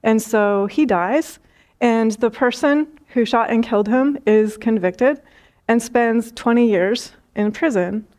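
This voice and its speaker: A woman spiritual teacher giving a talk, telling stories gently with light laughs and repeated phrases. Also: a little high, slow.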